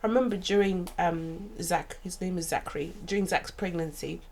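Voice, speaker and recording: A woman in her forties, appearing as a podcast guest in a sofa chat, tells a personal story and speaks earnestly and openly about painful memories. She acts out what other people said, her lowish voice a little mellow and her pace moderate.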